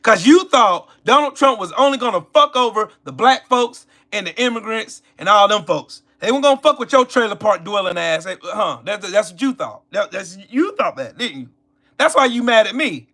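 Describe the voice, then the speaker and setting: A man hosting a live stream, loudly taunting his viewers, mocking them in put-on voices and repeating himself. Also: high voice, big pitch swings, moderate pace. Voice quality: loud, confrontational, mocking. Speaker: livestream host. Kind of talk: live-stream political rant.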